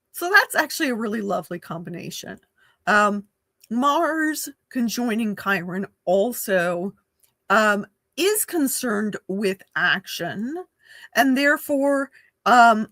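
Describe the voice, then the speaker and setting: A woman's voice: medium pitch, lively intonation, slow, sharp tone, no room sound. A woman astrologer giving a casual spoken forecast, chatty and full of fillers, often laughing and acting out playful quoted voices.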